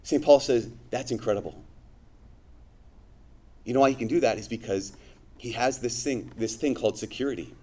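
A man giving a conversational sermon to his congregation, animated, with frequent asides. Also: medium pitch, moderate pace, pauses often. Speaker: priest.

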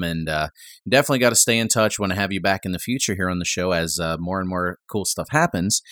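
A man's voice: on the low side, a bit bright, no room sound, clean studio sound. A man hosting a Christian talk show, chatty and enthusiastic with his guest. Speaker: podcast host.

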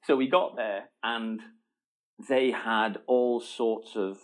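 A man's voice: mid-range voice, slow pace. Guy in his middle years telling a story, keeps laughing, trips over his own words. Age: middle-aged. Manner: animated, laughing, restarts mid-sentence. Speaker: guest. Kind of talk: casual storytelling.

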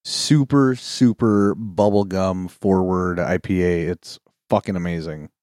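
A man's voice: low-pitched, measured pace, a little mellow, no room sound, studio quality. A man making wisecracks in casual podcast chat, swearing now and then.

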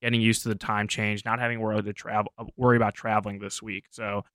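A man giving steady, detailed sports betting analysis on a studio show. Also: fairly low pitch, quick pace, dry recording. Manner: steady, informed, methodical.

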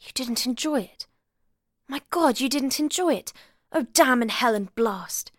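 An earnest young lover, as a woman reading a novel puts him on speaks low and coaxing, at times in a hush. Hurt, he breaks out sharper and louder. The sound is close and dry. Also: steady tone, a little slow, no echo, lightly acted. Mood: hurt outburst.

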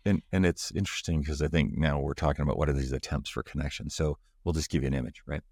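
A man's voice: extremely low pitch, fairly even intonation, fast, a little mellow, husky, dry recording, clean studio sound. A man guest on a relationship podcast, animatedly acting out little everyday scenes to illustrate his points. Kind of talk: conversational storytelling.

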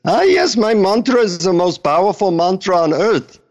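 A man's voice: sits high, big pitch swings, normal speed, darkish tone, pitched above the performer's own voice. A man putting on an Indian-accented old guru. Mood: solemn. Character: wise old male guru, calm and knowing. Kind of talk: comic story anecdote.

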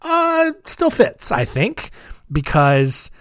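A man in his thirties hosting a podcast, rambling in a chatty way with dark sarcastic humor. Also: high voice, wildly swooping pitch, drawn-out words, clear, resonant tone, no room sound, studio quality. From United States. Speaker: podcast host. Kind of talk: casual podcast monologue.

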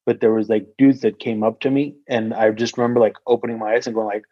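A man's voice: on the low side, fairly even intonation, fast talker, few pauses, dark tone, no room sound, muffled recording. A man in casual podcast talk, telling a personal story in a rambling way, full of "like" and freely swearing.

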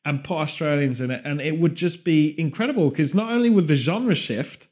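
Rambling man riffing deadpan. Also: a little high. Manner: rambling deadpan absurd riffs, quick bursts of put-on voices. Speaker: podcast co-host. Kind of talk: comedic podcast banter.

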